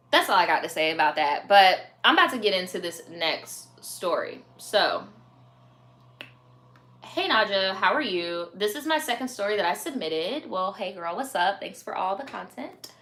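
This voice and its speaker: Bright-voiced chatty young woman. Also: mid-range voice, expressive, measured pace. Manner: chatty, slangy, laughs often, swears. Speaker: host reading viewer stories on a live stream. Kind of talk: casual chat.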